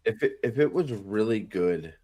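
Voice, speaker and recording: A man's voice: on the low side, lively intonation, normal speed, a little mellow, no room sound. A man co-hosting a casual podcast who jokes sarcastically, swears a lot and laughs often. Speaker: podcast co-host. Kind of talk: casual profane banter.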